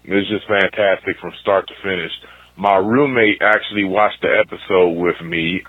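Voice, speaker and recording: A man's voice: lowish voice, no echo. Chatty man on a tinny phone line. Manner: chatty, rambling, enthusiastic. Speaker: caller. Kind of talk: casual voicemail recap.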